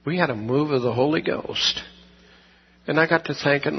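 An earnest pastor with a gravelly, deeply husky voice wraps up a service and leads a prayer. He talks in a folksy way and slows down hard on the lines he wants to land. The recording sounds dull and lo-fi. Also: big-room sound. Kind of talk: sermon closing and prayer.

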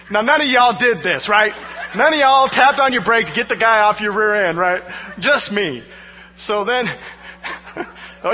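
A male pastor preaching a sermon through personal stories, animated and poking fun at himself with frequent laughter. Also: high-pitched, husky. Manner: animated, self-mocking, laughing between lines. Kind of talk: storytelling sermon. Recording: dull sound with long hall reverb.

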